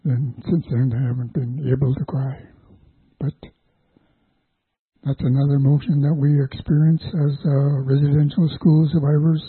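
An older man from Canada giving a personal testimony as a church guest, speaking haltingly with pauses and restarts. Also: fairly high pitch, little pitch movement, breathy edge, dry recording. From Canada, Vancouver Island. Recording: tinny phone-like dry recording.

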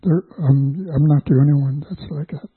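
An older man with a husky, breathy voice gives a halting personal testimony, stopping and restarting as he goes. The sound is tinny and narrow, like a phone line, and dry with no room around it. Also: fairly high pitch, no echo. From Canada, Vancouver Island. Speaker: church guest giving testimony.

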